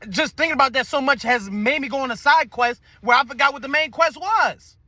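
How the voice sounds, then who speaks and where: High, bright-voiced man ranting about sports. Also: brisk, no room sound. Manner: heated, profane, repeats himself. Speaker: sports podcast host.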